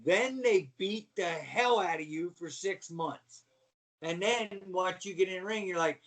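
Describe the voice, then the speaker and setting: A middle-aged man from Baltimore, a former wrestler, telling slangy, animated stories as a podcast guest. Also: high voice, moderate pace, far from the mic, rough recording. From Baltimore, USA. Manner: animated storyteller, slangy, says "man" a lot. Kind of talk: casual storytelling interview.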